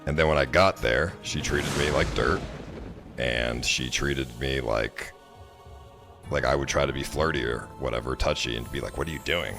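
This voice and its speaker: A man with a very deep, low voice rambles through a story to his stream, exasperated and stopping to restart his sentences. Loud music plays clearly behind him. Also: normal speed. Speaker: livestreamer. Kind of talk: casual storytelling to chat.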